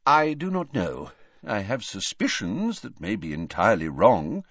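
A man reading an audiobook, voicing an old headmaster wizard who speaks in a quiet, measured, patient way, recorded dry and slightly muffled. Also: on the low side, wildly swooping pitch, dry recording, full character voice. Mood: grave, careful. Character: old male headmaster wizard, calm, grave and gentle.

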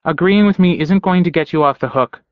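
A man's voice: fairly high pitch, steady tone, normal speed, no room sound, pitched above the performer's own voice, natural voice. A man voicing a blunt, sardonic young woman who prods and scolds in an exasperated way. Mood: scolding. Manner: exasperated, teasing, insistent. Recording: slightly dull dry audio.

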